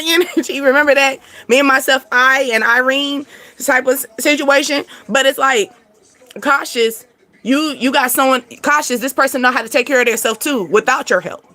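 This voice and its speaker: A woman's voice: sits high, pushed and bright, dry recording. A woman, giving a casual spiritual tarot card reading in a chatty, repetitive way with frequent laughs.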